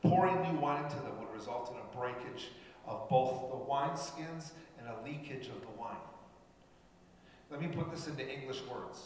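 A man's voice: mid-range voice, moderate pace, darkish tone, a little hiss or hum. A man from Canada preaching a sermon, talking conversationally and addressing the congregation directly. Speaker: pastor. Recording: echoey hall with long reverb.

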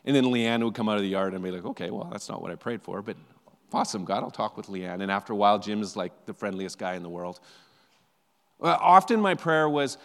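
A male pastor giving a sermon in a conversational, animated storytelling way, often repeating words as he goes. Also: mid-range voice, a little fast, big-room sound.

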